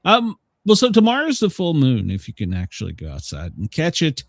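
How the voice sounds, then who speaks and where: A man chats and jokes through a casual livestream show, his pitch swinging lively up and down. The sound is dry and close, with no room around it. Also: fairly quick, gravelly, no echo. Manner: joking, rambling, self-mocking. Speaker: co-host of a daily news talk show.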